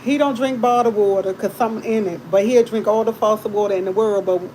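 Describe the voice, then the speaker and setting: On a low-quality recording with slight background noise, a woman talks fast in a mid-range voice. She's a live streamer retelling a story to viewers, casual and exasperated, bluntly repeating herself and cursing often.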